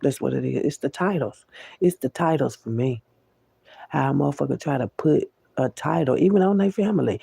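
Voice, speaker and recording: A woman's voice: extremely low pitch, expressive, fairly quick, vocal fry, dark tone, breathy edge, no echo. A woman delivering an unscripted monologue rant to the camera, profane and preachy, with repeated words for emphasis, often calling listeners "baby.". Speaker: vlogger.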